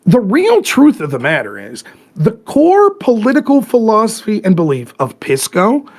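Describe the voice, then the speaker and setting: A man's voice: high voice, normal speed. Guy on a podcast going off about politics, swears a lot, voice jumping all over. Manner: animated, profane, ranting. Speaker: podcast host. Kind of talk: casual political rant.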